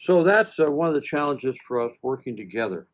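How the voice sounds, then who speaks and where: A man's voice: mid-range voice, fairly quick, a little hiss or hum. A man in his seventies, a veteran guest, telling a long personal story in a casual interview and acting out both sides of the conversation with self-deprecating humor. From United States. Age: 70s. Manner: animated, folksy, acts out both sides of conversations.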